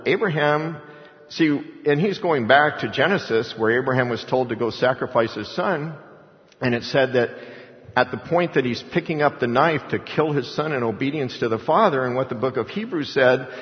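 A man's voice: mid-range voice, normal speed. Man preaching in an echoey hall. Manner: conversational, rhetorical questions, chuckles. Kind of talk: sermon with Bible reading. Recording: echoey hall, dull lo-fi sound.

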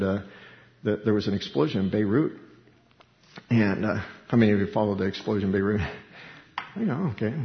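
A male pastor giving a casual, animated sermon, chuckling as he explains scripture. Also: lowish voice. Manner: animated, chuckling, conversational preaching. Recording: dull sound in a reverberant hall.

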